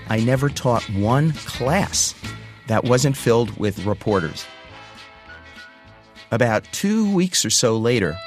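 A man in his sixties telling a personal story, animated and acting out the voices of the people in it. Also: fairly low pitch.

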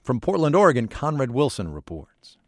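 Lively male news anchor, dry studio. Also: medium pitch, brisk, no echo. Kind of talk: scripted news reading.

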